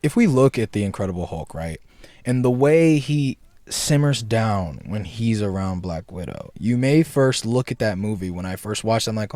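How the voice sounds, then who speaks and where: A man's voice: lowish voice, expressive, moderate pace, darkish tone, no room sound. A young man hosting a casual commentary video, rambling in slangy talk and often checking in with his listener. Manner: rambling, slangy, keeps asking "right?". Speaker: video essay host.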